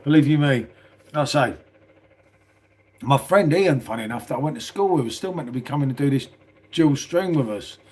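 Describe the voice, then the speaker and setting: A man's voice: mid-range voice, animated, normal speed, pauses often, darkish tone, breathy edge. A middle-aged man with a southern English accent, chatting casually on a live stream from a small house, saying "mate" a lot and swearing freely. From England.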